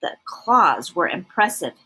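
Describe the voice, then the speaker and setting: Breathy, animated woman reading a storybook. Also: lowish voice, takes it slowly, rough recording. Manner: animated and expressive. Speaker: storybook reader. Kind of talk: reading a picture book aloud.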